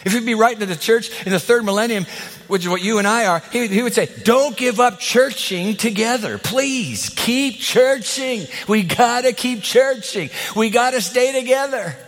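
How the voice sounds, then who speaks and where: A man preaching a sermon, dramatic, acting out voices and swinging between loud and soft. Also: very high-pitched, moderate pace. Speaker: pastor. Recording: reverberant hall.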